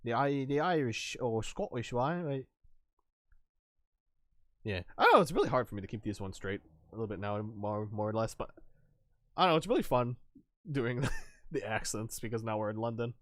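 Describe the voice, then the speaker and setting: A man's voice: mid-range voice, normal speed, long pauses, no room sound, clean studio sound. A young man streaming a game, chatting casually in a rambling way, laughing, swearing and acting out quotes. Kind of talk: casual gaming stream chat.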